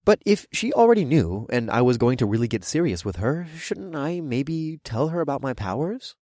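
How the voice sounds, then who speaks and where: A man narrating a first-person story as an audiobook, reading in an expressive, animated way. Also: medium pitch, normal speed, no room sound, studio quality.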